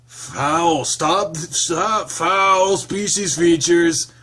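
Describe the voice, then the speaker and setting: A man's voice: a little high, sing-song, unhurried, a bit bright, slight background noise. A man doing a prissy, raised lynx guy. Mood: indignant. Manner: prissy, indignant, sing-song. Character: prim, cheerful adult male lynx man. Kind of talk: reading a visual novel aloud.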